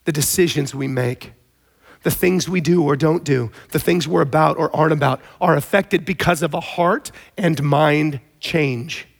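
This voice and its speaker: Gravelly-voiced preacher telling a story. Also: male voice, a little high, unhurried. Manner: conversational storytelling with animated emphasis. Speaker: pastor. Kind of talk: sermon.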